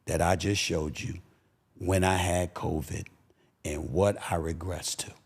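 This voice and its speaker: A man talking as a podcast guest, an animated, emphatic storyteller who repeats phrases for punch. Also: low voice, measured pace, husky. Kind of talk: casual interview talk.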